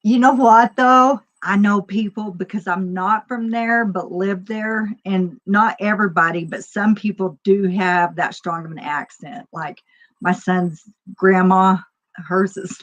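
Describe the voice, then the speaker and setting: A woman's voice: mid-range voice, slow. Chatty rambling woman, lo-fi sound. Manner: chatty, rambling, laughs often. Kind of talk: casual chat.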